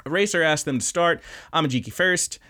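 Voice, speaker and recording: A man hosting a podcast, casually recapping anime episodes with animated, profane storytelling. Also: a little high, normal speed. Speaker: podcast host.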